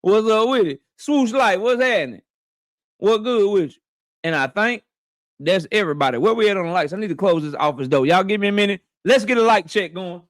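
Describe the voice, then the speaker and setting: Man, live-stream host, high voice, dry close sound, loose and profane, shouting out viewers. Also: expressive, brisk, dry recording. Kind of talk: casual live-stream chat. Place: home office.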